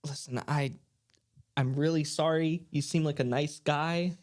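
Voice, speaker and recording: Deadpan young man, slightly high voice. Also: unhurried. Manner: dry, deadpan. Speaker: comedy podcast co-host. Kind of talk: improvised comedy banter.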